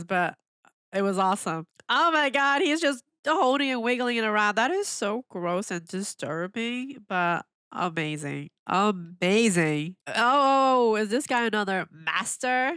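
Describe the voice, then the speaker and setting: A woman hosting a reaction video in casual commentary, animated and exclamatory, laughing often and asking lots of questions. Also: mid-range voice, normal speed, clean tone, dry recording, studio quality. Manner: asks rhetorical questions.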